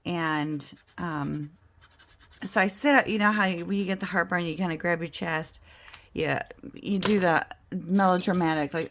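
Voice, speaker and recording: A woman vlogging at home, telling a self-mocking story in a chatty, animated way while playing a game. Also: lowish voice, normal speed, a little hiss or hum. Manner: chatty, self-mocking, animated storyteller who acts out the other people's lines. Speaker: budget and game-night vlogger.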